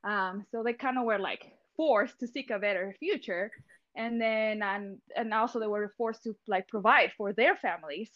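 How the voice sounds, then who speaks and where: A woman's voice: mid-range voice, moderate pace, a bit bright, muffled recording. A young adult woman from Venezuela, an eye doctor and interview guest, talking casually and loosely with lots of fillers. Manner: chatty, many fillers like "like" and "you know". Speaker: guest, ophthalmologist.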